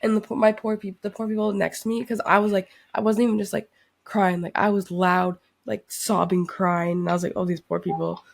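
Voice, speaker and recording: A woman's voice: mid-range voice, level tone, brisk, creaky. A young woman in her twenties co-hosting a casual chat, sick and losing her voice, talking in a laid-back way. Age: 20s. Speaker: podcast co-host, student.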